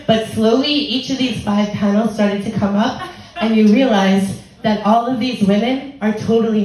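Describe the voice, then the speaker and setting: An American woman in her thirties performing a bawdy, conversational stand-up set on a comedy club stage, acting out the people in her stories. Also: fairly high pitch. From United States. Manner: bawdy, conversational, acts out quoted voices. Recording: echoey club room with crowd laughter. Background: audience laughter.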